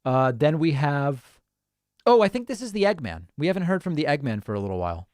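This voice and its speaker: Animated male show host, lively pitch. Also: dry recording, studio quality. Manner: animated, quick to react with exclamations. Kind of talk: live-stream commentary.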